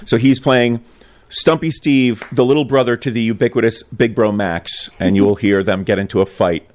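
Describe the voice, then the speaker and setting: Male radio co-host, casual and jokey, mid-pitched voice; banter delivery. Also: steady tone, normal speed, darkish tone. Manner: joking, riffs with mock voices.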